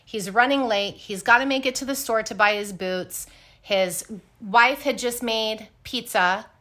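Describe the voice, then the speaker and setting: A woman host telling a story in casual, blunt talk, animated and swearing freely. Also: on the high side, a little slow. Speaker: podcast host.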